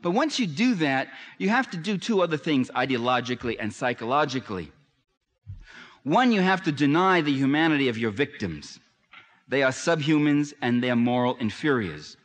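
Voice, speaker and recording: A man's voice: medium pitch, long reverb tail. A man giving a public lecture in an emphatic, sarcastic manner that rises to impassioned.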